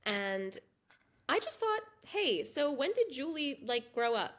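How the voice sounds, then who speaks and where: A woman co-hosting a podcast, calmly narrating plot points in casual chat. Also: sits high, slow. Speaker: podcast co-host.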